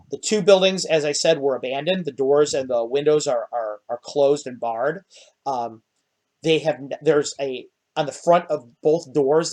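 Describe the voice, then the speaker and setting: A man narrating a tabletop game as game master, in a rambling way with many pauses and fillers. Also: a little high, warm tone.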